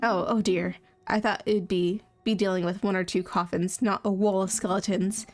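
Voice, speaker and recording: A woman's voice: mid-range voice, steady tone, moderate pace, a little mellow, faint music behind, lightly acted. A woman voicing a jittery timid bird. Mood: nervous. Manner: jittery, stammering. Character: nervous timid bird assistant.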